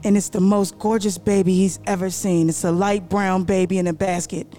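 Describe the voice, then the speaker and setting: A woman hosting a live radio show, telling a story with loose, animated slang-heavy delivery. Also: medium pitch, normal speed. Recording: music playing behind.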